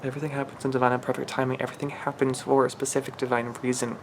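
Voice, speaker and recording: A man's voice: medium pitch, level tone, very fast, vocal fry, background noise. A man giving a channeled spiritual reading in an emotional, earnest way, rambling and restarting his sentences. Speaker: spiritual reader.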